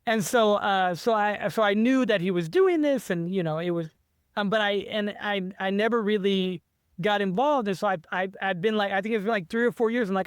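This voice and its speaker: High smooth-voiced guy, author in a chill interview, rambling and restarting a lot, dry sound. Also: fairly quick, no room sound. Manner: eager, rambling, many restarts. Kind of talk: casual interview chat.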